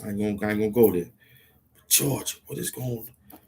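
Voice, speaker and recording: A man's voice: lowish voice, fairly quick, a little mellow, husky. A man rambling to himself as he thinks aloud, often hesitating, repeating himself and restarting.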